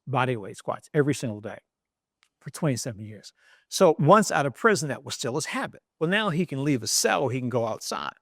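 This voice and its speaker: A middle-aged man from East Baltimore tells a story from his career as a journalist. He acts out the voices and often restarts his sentences. The sound is dry and close, with a mid-range pitch. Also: no echo. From East Baltimore, USA. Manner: animated, acting out quotes, frequent restarts. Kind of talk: anecdotal storytelling in an interview.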